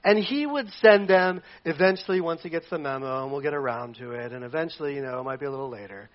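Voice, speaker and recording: A man playing a calm male teacher setting his followers straight during a sermon retelling. He speaks patiently and explains things in a high voice. The sound is muffled and lo-fi. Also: fast, lightly acted.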